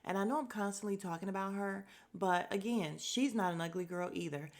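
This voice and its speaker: A woman hosting a podcast, giving a blunt, opinionated recap of a reality show, swearing freely and quickly acting out the cast's lines. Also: medium pitch. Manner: acts out cast members' lines in quick asides. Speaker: podcast host.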